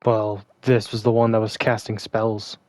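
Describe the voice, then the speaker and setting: A man's voice: lowish voice, flat delivery, unhurried, darkish tone, dry recording. A man playing a tabletop game, speaking casually and a little hesitantly. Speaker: player.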